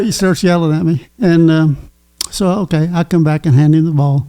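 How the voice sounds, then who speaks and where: A man's voice: on the high side, fairly even intonation, mellow, clear, resonant tone. Chuckling older man. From Kentucky. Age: 80s. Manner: chuckling, folksy, halting with fillers. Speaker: guest. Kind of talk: casual storytelling.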